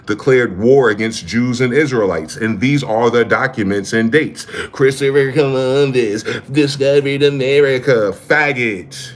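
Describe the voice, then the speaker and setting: A man with a fairly low voice delivers a heated vlog monologue, reading passages aloud and then cutting in with profane, confrontational questions. His tone is angry throughout. Faint vehicle noise sits behind him. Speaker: vlogger.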